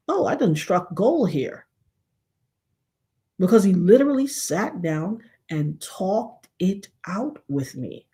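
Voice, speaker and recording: A middle-aged woman hosting a live talk show, giving emphatic, folksy relationship advice to her chat and now and then dropping to a near hush. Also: a little high. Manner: emphatic, preachy, folksy, drops to a hush for effect. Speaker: livestream talk show host.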